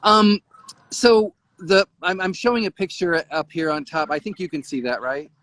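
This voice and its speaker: A man's voice: sits high, fairly even intonation, moderate pace, a bit bright. A man hosting an online interview on a video call, asking loose questions full of fillers. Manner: casual, filler-heavy questions. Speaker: host.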